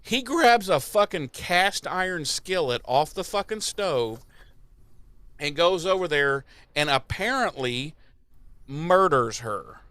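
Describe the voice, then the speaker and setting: Animated man, smooth clear voice. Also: fairly high pitch, slow pace, no room sound. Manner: animated, acts out quotes in exaggerated voices. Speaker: podcast co-host. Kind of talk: casual profane recap chat.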